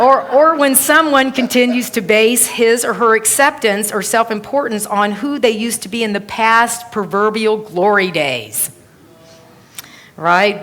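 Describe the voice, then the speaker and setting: A woman minister giving a sermon to a congregation, telling stories and quoting others in an animated way. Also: medium pitch. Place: church service with a congregation.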